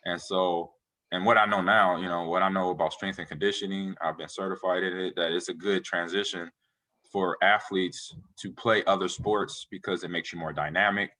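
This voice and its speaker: Guest: man in his forties, low and forceful, lively rambling storyteller. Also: moderate pace. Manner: animated, rambling storyteller who acts out quotes. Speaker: interview guest, retired football player. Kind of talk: casual interview storytelling.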